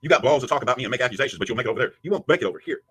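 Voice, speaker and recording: A husky-voiced man taunts a rival on a livestream, swearing freely. His pitch leaps up and down as he mocks, and he talks at a rapid clip. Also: expressive, fairly bright tone. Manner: taunting, profane, mocking. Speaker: livestream host. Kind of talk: heated live commentary.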